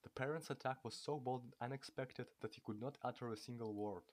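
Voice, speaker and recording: A man's voice: medium pitch, fairly quick, darkish tone. A man narrating a story aloud, reading with occasional slips and restarts. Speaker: audiobook reader.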